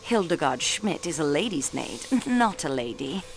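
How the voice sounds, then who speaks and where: Game role: a sharp young woman investigator, lively intonation, observant. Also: low voice, measured pace, slight background noise, heavily acted, rough recording. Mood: probing. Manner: probing, coolly observant. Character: sharp young female railway clerk acting as detective.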